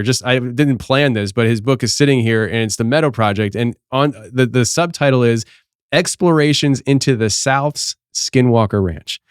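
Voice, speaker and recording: A man's voice: mid-range voice, smooth, no echo, studio quality. A man hosting a podcast interview, asking long rambling questions with many restarts. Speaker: podcast host. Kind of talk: casual interview.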